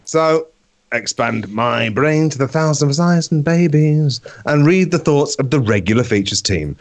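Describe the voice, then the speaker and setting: A man's voice: on the high side, expressive, a little slow. Give me a man doing a foul-mouthed baby, bragging and rambling. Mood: deadpan. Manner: swearing, rambling, giggling mid-line. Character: crude, boastful talking baby girl with an inverted face. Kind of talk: comic monologue.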